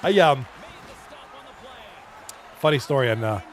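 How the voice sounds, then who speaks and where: A man calls an online hockey league stream in a loose, chatty way. He reads viewer chat aloud, swears freely and keeps clearing his throat. His voice sits at an ordinary middle pitch. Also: lively intonation, takes it slowly. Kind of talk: casual esports commentary reading chat.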